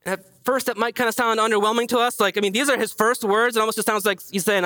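A man preaching with a high, bright voice that carries. He talks casually and conversationally. He moves between raised, animated emphasis and quiet, near-whispered passages. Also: fast talker, few pauses. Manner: casual, conversational phrasing with many fillers. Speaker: pastor. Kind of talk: sermon.

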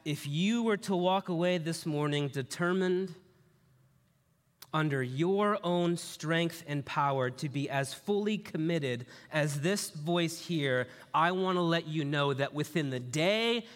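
A man with a high, bright, forceful voice preaches a sermon, weaving in personal stories and rhetorical questions to his listeners. His voice rings out with a long reverb, as in a large hall. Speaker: pastor.

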